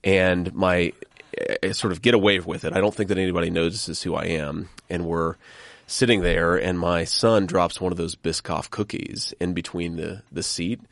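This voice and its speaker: Low gravelly-voiced man, a podcast guest telling anecdotes with easy laughter; dry close sound. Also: fairly even intonation, moderate pace, dry recording. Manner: chatty storyteller, laughs often, says "you know" and "right". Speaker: guest, senator.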